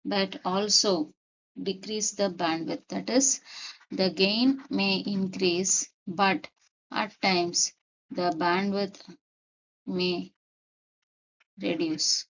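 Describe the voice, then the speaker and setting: Gravelly-voiced woman teaching a lesson. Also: mid-range voice, steady tone, muffled recording. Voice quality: repeats key points deliberately. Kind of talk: step-by-step lecture.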